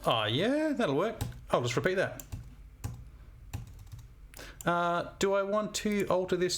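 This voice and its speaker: A man's voice: high voice, big pitch swings, measured pace, long pauses. A man, a music teacher talking through a composition demo while thinking aloud. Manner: thinking aloud, scatting melodies. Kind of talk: screen-recorded composition demo.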